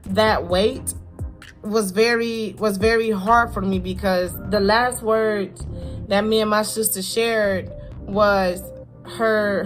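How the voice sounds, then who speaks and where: A young vlogger speaks at an ordinary mid pitch, telling a personal story to camera. She talks in a halting, heartfelt way, repeats herself and uses casual slang. Soft music plays faintly underneath. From Florida.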